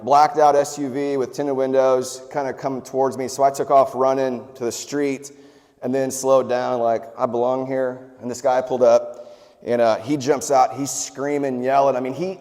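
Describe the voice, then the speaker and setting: A man's voice: mid-range voice, in a large hall. A man preaching a sermon as pastor, talking casually and animatedly with asides and personal stories. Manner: conversational, animated storytelling with asides. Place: church hall.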